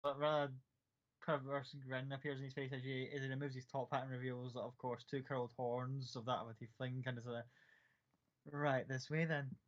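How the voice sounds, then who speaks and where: A man narrates a tabletop role-playing game as game master, relaxed and descriptive, often pausing to find the right word. His voice sits at an ordinary pitch, and the recording sounds dull and lo-fi.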